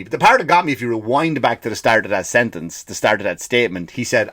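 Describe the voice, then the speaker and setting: A man's voice: mid-range voice, lively intonation, fast, few pauses, bright, forceful tone. A man hosting a comedy podcast, ranting in a profane, sarcastic monologue.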